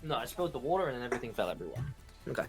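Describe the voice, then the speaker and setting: A man's voice: mid-range voice, sing-song, racing, soft background music. A man playing in a tabletop game, cracking teasing jokes at the others. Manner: teasing, wisecracking. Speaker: player. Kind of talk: casual tabletop game chat.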